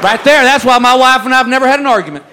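A man doing stand-up comedy with dry, deadpan storytelling. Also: very high voice, rapid-fire. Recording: live club, crowd and noise.

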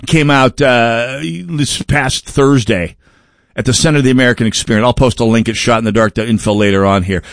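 A man's voice: medium pitch, fairly quick, no room sound. A man hosting a political talk radio show, delivering a sardonic, digressive monologue into a close studio mic.

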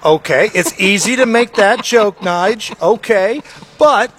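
A man hosting a morning radio show, telling stories in a chatty, animated way. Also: high voice, slow pace, slightly rough. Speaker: radio host. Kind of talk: casual morning radio banter.

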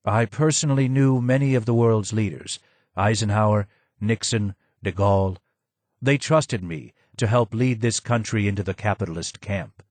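Brief: hoarse, broken old former advisor, voiced by a male narrator; low, slow, heavy with sadness. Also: darkish tone, dry recording, lightly acted. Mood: sorrowful.

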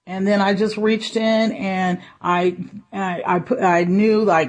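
A woman's voice: medium pitch, fairly even intonation, moderate pace. A woman giving a conversational devotional sermon, chuckling as she tells a personal story and acts out her own thoughts. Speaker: preacher.

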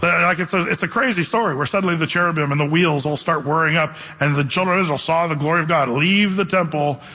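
A man preaching a sermon in a loose, conversational way, slowing down to read scripture deliberately. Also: fairly high pitch, sharp tone, in a large hall. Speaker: pastor.

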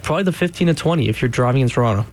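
A man's voice: medium pitch, animated, racing, no room sound. A man chatting on air as a radio co-host, easygoing and telling small stories from his own day. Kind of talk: casual studio chat.

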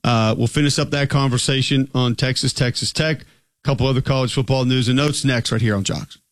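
A man hosting a sports talk show, steady and wry as he steers the segment. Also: medium pitch, fairly quick, no room sound. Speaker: sports radio host.

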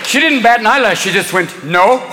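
A man doing a stand-up comedy routine on stage, manic and rapid-fire, jumping in and out of voices. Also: very high-pitched, animated, a loud crowd, heavy background noise. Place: large theater on stage. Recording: echoey hall, audience laughter and ambience.

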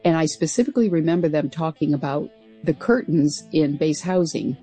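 A woman's voice: sits low, lively intonation, a little fast, mellow, breathy edge, faint music behind. A woman in her sixties, a former pilot, telling her story in an earnest, conversational way as a radio interview guest. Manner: earnest, conversational, frequent "you know".

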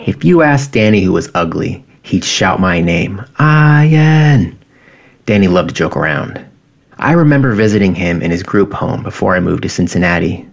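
A man in his thirties reading his own personal essay in a quiet, measured, reflective way. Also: deep voice, expressive, creaky.

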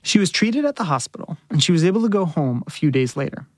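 A woman reporter narrating a radio news story in a measured, clear storytelling voice. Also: low voice, sing-song, no echo, clean studio sound.

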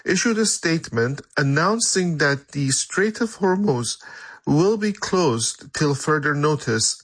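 A male correspondent in a news interview, explaining events in a measured way with some fillers and restarts. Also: medium pitch, fairly bright tone, no room sound.

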